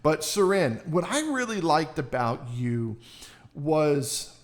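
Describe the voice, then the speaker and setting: Effusive lively male radio host. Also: fairly high pitch, slow. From England. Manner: effusive, enthusiastic praise. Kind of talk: casual radio interview.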